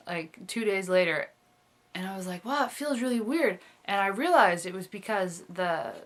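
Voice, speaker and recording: A young woman in her twenties talks through a casual video diary. She rambles and circles back, full of fillers and small giggles. Her voice sits slightly lower than most women's. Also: a bit bright. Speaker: vlogger.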